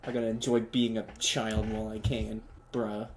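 A young man doing joking let's play commentary, reacting loudly and talking in slang. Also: on the low side, little pitch movement, moderate pace, slight background noise. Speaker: gamer.

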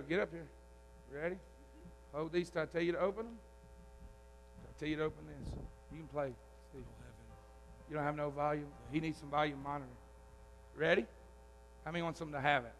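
A man preaching at a youth camp service, loud, coaxing and teasing as he runs games with the crowd. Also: on the high side, fairly even intonation, fast, a little hiss or hum. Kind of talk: lively youth service sermon with audience games.

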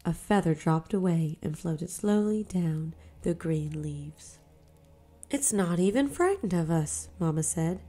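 A woman narrating a short story aloud in a measured, quiet manner, lightly acting the dialogue. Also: lowish voice. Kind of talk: storybook reading.

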